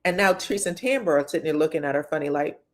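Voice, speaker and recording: A woman recapping a reality TV episode, talking candidly and straight to the cast, slangy and quick to swear. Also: low-pitched. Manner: slangy and expressive. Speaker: reality TV commentator.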